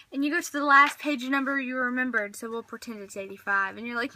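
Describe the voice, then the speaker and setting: A woman's voice: high voice, animated, a little fast, hardly any pauses, pushed and bright. A young woman in her teens vlogging a comedic monologue, dramatic and exasperated, acting out little scenes.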